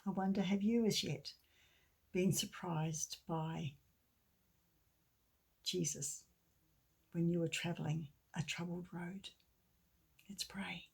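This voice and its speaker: Woman, middle-aged, gentle sermon, soft near-whisper, slightly breathy voice. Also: fairly low pitch, steady tone, slow pace, pauses often. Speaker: church speaker. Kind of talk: sermon and storytelling message.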